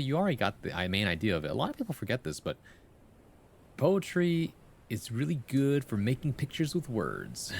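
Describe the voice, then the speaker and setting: A man hosts a live stream and reads viewer poetry in a deep voice with a rough, crackly edge. He talks casually and playfully, often tossing in "right?" and humming rhythms. A faint hiss of noise sits under his voice. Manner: playful, reads poems aloud, hums rhythms, tags questions with "right?". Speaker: streamer giving feedback on viewer writing. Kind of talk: casual live-stream chat and poem reading.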